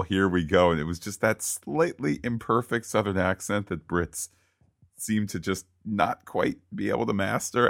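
A man co-hosting a podcast, chatting casually and eagerly about a TV episode, often rising into excited bursts. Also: sits low, no room sound, clean studio sound. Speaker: podcast co-host.

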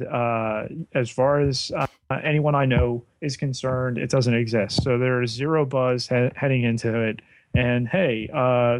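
Man, mid-pitched voice, dry sarcastic delivery, casual podcast chat, very close dry sound. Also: no room sound. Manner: dry and sarcastic, with frequent "uh" and "you know". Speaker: podcast co-host.

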